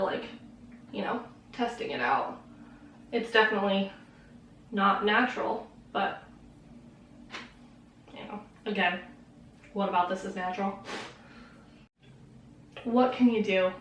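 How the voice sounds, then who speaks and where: A young beauty vlogger with a fairly high voice chats casually through a makeup tutorial, rambling and laughing a lot. There's a slight hiss or hum, and the distant mic picks up a roomy echo.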